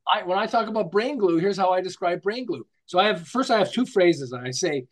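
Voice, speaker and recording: Talking briskly in a fairly high voice, this American guest, a marketing author, tells stories during an interview. He acts out small scenes with animation, cracks jokes, jumps between jokes and examples, and keeps starting his sentences over.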